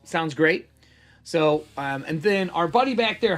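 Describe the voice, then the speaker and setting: A man's voice: a little high, lively intonation, moderate pace, fairly bright tone, soft background music. A man playing a tabletop game solo, narrating casually and thinking aloud as he counts supplies and swears freely.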